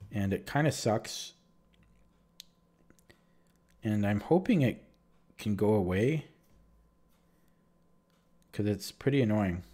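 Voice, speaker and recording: A man's voice: fairly low pitch, warm tone. A man with a sore throat, casually recapping his chess games on a livestream, rambling and restarting sentences as he retells what happened. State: sore throat, feeling sick.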